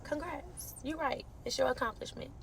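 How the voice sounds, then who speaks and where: A woman's voice: high voice, moderate pace, vocal fry, fairly bright tone, slight background noise. A woman heatedly calling someone out to camera, sassy and cursing, mocking him as she goes. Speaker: social media creator in a feud.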